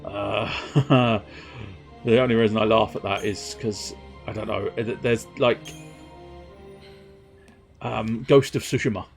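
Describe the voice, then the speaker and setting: Here the voice is fairly low and gravelly, slow, with fairly even intonation and plenty of pauses. The young man is streaming a game, amusing himself as he rambles to viewers and occasionally sings silly lines, with faint game music underneath.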